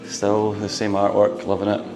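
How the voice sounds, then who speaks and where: A man vlogging in a resort, his voice sitting on the low side. He gushes and laughs easily, and music plays clearly behind him. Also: normal speed. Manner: excitable, gushing, laughs often. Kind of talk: casual vlog narration. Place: resort, indoors.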